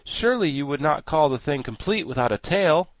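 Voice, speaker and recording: A man's voice: fairly high pitch, animated, a little fast, no room sound, voice pushed up, natural voice. An eager pumpkin-headed figure, as a male narrator puts him on, earnest and emphatic. The voice rises a bit above the reader's own, and the recording is dry.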